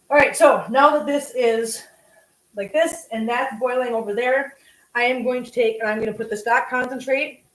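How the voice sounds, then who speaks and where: A woman with a fairly high voice runs a cooking livestream at home, chatting emotionally and gushing gratitude to viewers as she cooks in her kitchen. The low-quality recording is reverberant.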